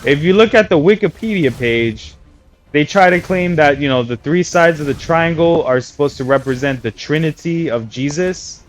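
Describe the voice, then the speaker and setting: A man's voice: a little high, normal speed. A young man telling a rambling personal story in a casual, self-mocking way, full of fillers and restarts. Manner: chatty, meandering, self-mocking, many fillers. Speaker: vlogger.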